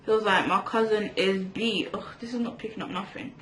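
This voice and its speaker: A young Englishwoman vlogs a rambling storytime while doing her makeup, packed with fillers and restarts. Her mid-range voice is brisk and fairly bright, with fairly even intonation. The room is echoey, and a faint hiss runs underneath.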